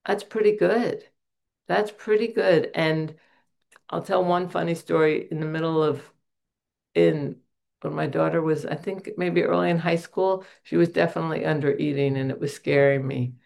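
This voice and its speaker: A middle-aged woman gives a frank, sincere testimony at a recovery meeting, laughing at herself as she recounts her stories. Her deep voice is steady and a little mellow, with vocal fry, at a moderate pace.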